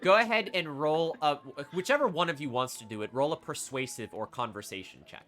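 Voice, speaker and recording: Male game master, chatty, bright and very animated delivery. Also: fairly high pitch, fairly quick. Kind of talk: narrating a tabletop game.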